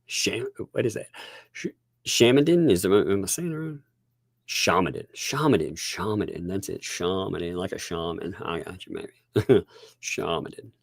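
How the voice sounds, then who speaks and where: A man's voice: low-pitched, moderate pace, vocal fry, darkish tone, no room sound, clean studio sound. A man with a Southern US accent hosting a casual livestream, rambling, chuckling often and thanking viewers. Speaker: livestream host.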